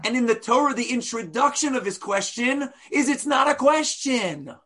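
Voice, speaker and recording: Brief: male rabbi leading a class, bright and husky, playful rhetorical style. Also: very high-pitched, moderate pace. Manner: animated, rhetorical questions, playful asides. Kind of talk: teaching a class.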